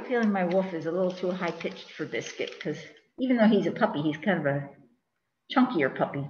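Chatty lady librarian doing storytime for kids, lively voice, echoey room. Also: medium pitch, a little fast, muffled recording, background noise. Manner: animated, chatty, asks children questions. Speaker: children's librarian. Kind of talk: reading a picture book aloud to children. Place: in front of a green screen.

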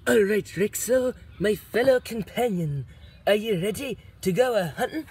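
A woman voicing a gruff male father bird who is a hunter and sounds impatient and bossy. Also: mid-range voice, animated, normal speed, a little mellow, a little hiss or hum, natural voice.

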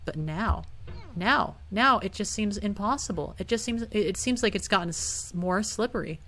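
A woman's voice: medium pitch, expressive, normal speed, a bit bright. Frustrated young woman swearing at a game. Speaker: gaming YouTuber. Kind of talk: casual let's-play commentary.

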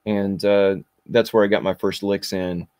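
Podcast guest: man in his 40s, low voice, dry close sound, blunt and intense storytelling. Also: flat delivery, a little slow, darkish tone, no room sound. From Kentucky. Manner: blunt and intense, with frequent fillers. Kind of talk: personal storytelling.

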